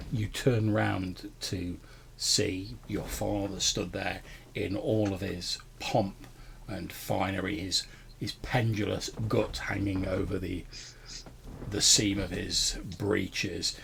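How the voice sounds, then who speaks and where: Male game master, low and gravelly, stammery storyteller. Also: flat delivery, slow pace, a bit bright, slight background noise. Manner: stammering repetitions, descriptive. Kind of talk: narrating a tabletop game.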